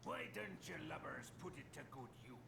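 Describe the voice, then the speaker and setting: A man voicing the gruff ghost of a pirate captain in a video game, speaking in rolling pirate dialect. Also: on the high side, expressive, fairly quick, exaggerated voice. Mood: gruff brooding. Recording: game audio with echo over loud music.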